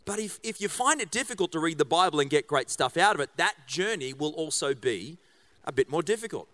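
A man's voice: on the high side, lively intonation, a little fast, a bit bright. A middle-aged man, a pastor giving a casual sermon in a church, chatty and joking, with many fillers and restarts. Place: church auditorium.

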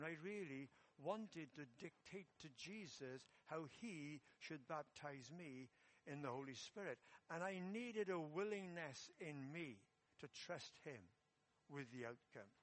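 A middle-aged man from England preaching in a church, telling a personal story in a relaxed, conversational way with self-deprecating humour. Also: fairly high pitch.

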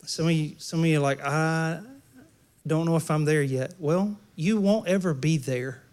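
A man's voice: a little high, normal speed, a little mellow, clear, resonant tone. A man preaching a sermon in a church, talking conversationally and joking with the congregation. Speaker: pastor.

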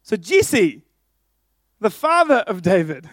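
High-voiced, playful young preacher. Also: male voice, expressive, normal speed, no room sound, studio quality. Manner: playful, jokey, addressing the congregation. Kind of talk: sermon.

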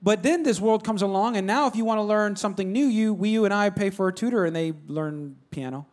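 Male pastor, slightly high voice, conversational and emphatic sermon delivery. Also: a little fast, darkish tone. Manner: repetitive, emphatic, conversational, calls to the congregation.

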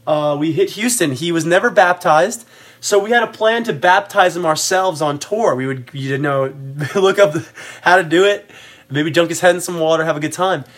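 A young man telling stories in a casual podcast chat, animated and rambling, with lots of fillers. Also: fairly high pitch, moderate pace. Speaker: podcast co-host.

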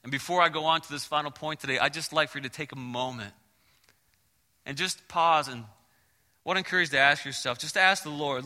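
A man's voice: a little high, brisk, sharp tone, big-room sound. A man preaching a sermon, telling stories with animation and acting out the people in them. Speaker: pastor.

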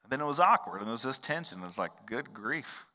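A man preaches in a church sanctuary, his bright, forceful voice carrying a long hall reverb. He talks earnestly and conversationally and leans on personal stories. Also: mid-range voice, very animated, racing. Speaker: pastor. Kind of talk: sermon.

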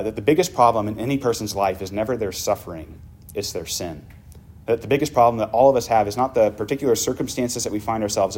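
Male pastor, sermon, vivid storytelling, hushed tender moments, lowish voice, faint background noise.

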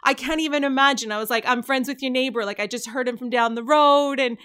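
A woman's voice: on the high side, steady tone, quick pace, a crowd in the background. A woman in her thirties telling a story in casual chat, earnest and rambling, often restarting her sentences. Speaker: podcast host.

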